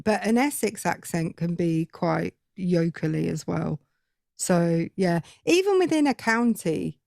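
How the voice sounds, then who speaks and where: Woman, British accent, casual chat, lowish voice, dry close mic. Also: gravelly, a little mellow, no echo. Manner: chatty, explains things with quick asides. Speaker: co-host. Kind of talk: casual chat on a live stream.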